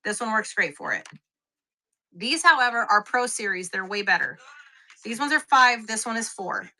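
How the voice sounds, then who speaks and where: A woman's voice: on the high side, expressive, moderate pace, pushed and bright. A young woman, chatting casually and laughing at herself while selling quilting supplies on a live stream. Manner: chatty, self-mocking, laughs often. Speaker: live shopping seller.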